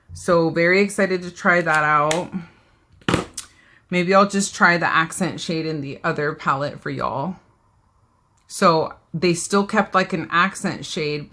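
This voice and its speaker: A woman's voice: lowish voice, bright, forceful tone. A woman, hosting a casual live beauty haul, chatting and reading viewer comments aloud. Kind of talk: casual live-stream chat.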